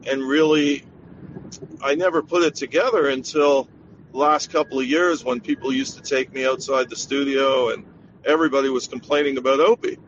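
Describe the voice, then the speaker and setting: A man guest in a casual podcast chat, telling stories in a measured way. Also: medium pitch, steady tone, muffled recording, a little hiss or hum.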